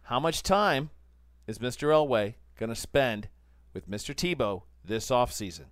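A man's voice: mid-range voice, sing-song, measured pace, no echo, clean studio sound. A middle-aged man hosting casual sports talk, rambling through stories and arguing his points with rising energy. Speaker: sports talk show host. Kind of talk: casual sports radio banter.

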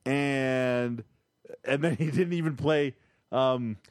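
A man co-hosting a casual sports talk show, chiming in with stats and quick remarks. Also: mid-range voice, no echo, clean studio sound.

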